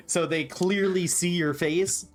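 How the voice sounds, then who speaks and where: A man's voice: high-pitched, slow pace, soft background music. A man narrating as game master of a tabletop game, laughing often and rambling loosely.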